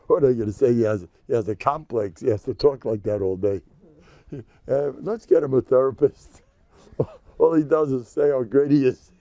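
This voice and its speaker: An older man a gravelly voice, a rabbi giving an informal lecture, joking, boastful and self-mocking. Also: mid-range voice, dark tone, no room sound, dull audio. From United States.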